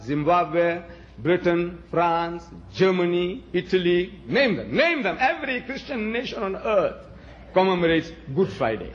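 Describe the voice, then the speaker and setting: Man giving a rhetorical lecture. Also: sits high. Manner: rhetorical, acts out dialogues with questions and answers. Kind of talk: religious public lecture. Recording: dull lo-fi recording.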